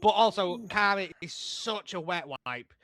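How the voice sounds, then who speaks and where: A man with a fairly high, bright voice jokes his way through a TV review. His pitch swoops a lot and he leans on rhetorical questions, heard in a dry, close recording. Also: a little slow. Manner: animated, joking, rhetorical questions. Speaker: podcast co-host. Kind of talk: casual TV review chat.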